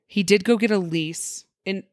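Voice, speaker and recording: This young woman is co-hosting a casual podcast and telling a story, swinging her pitch up and down as she acts out the people in it. Her voice sits at a middle height, and the recording is dry and close with no room sound. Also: moderate pace, no room sound. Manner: animated, laughing, acts out quoted people. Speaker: podcast co-host.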